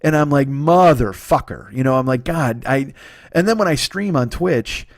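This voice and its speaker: A man in his forties hosting a podcast, rambling through a profane, self-mocking comedy monologue while sick, his voice a bit hoarse and sniffly. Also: fairly high pitch, expressive, normal speed, dry recording, clean studio sound. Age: 40s. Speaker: podcast host.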